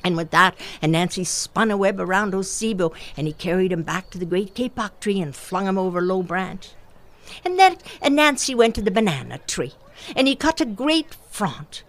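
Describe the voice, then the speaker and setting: Expressive woman telling a folktale. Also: mid-range voice, moderate pace. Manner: expressive, rhythmic, with repetitions. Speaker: storyteller. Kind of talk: oral folktale storytelling.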